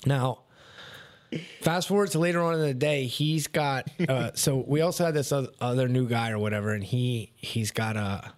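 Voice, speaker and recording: A man co-hosting a podcast, telling profane, animated stories in casual chat and laughing as he goes. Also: mid-range voice, normal speed. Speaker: podcast co-host.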